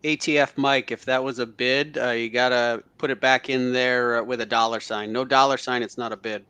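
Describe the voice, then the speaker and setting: Man, brief remarks, bright voice, dry close sound. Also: medium pitch, fairly even intonation, moderate pace, clear, resonant tone, no room sound. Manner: brief, agreeable replies. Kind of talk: casual chat.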